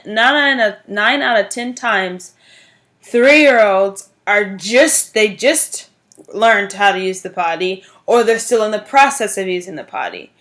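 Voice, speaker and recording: A woman's voice: a little high, bright, forceful tone. A woman teacher giving an informal informative speech, talking in a chatty way and repeating words for emphasis. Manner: frequent "like" and "um" fillers.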